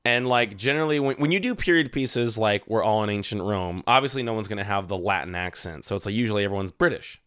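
A man's voice: on the low side, quick pace, hardly any pauses, a bit bright, clear, resonant tone, dry recording, studio quality. A man co-hosting a podcast in casual movie chat, rambling with many fillers and swearing freely. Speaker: podcast co-host.

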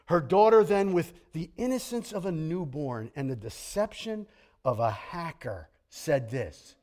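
Animated male preacher, high lively voice. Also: unhurried. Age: middle-aged. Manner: animated, grumbling impressions, jokey asides. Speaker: pastor. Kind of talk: sermon.

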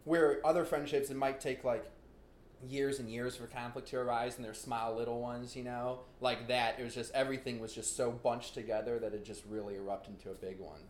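Young man telling a lively story in an echoey room. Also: mid-range voice, fairly quick, slight background noise. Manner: animated, laughs often, many fillers. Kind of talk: casual storytelling chat.

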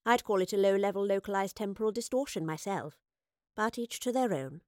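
A woman's voice: medium pitch, lively intonation, brisk, a little mellow, no room sound, lightly acted. An eccentric, cheerful lady professor who chatters in a breezy, self-amused way, as a woman reads her. Her voice sits in a middle register and is recorded dry and close, like a storybook reading. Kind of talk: audiobook character voice.

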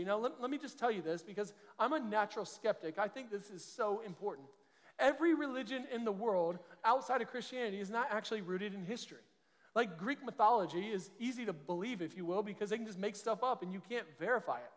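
A man preaches a sermon from a church stage. He talks with a high voice in an earnest, conversational way and often restarts his sentences. Long reverb from the hall trails each phrase. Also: expressive, quick pace. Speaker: pastor.

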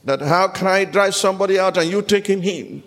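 A man preaching a sermon and telling stories, rising now and then to loud shouted peaks. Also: high voice, a little fast, big-room sound. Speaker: pastor.

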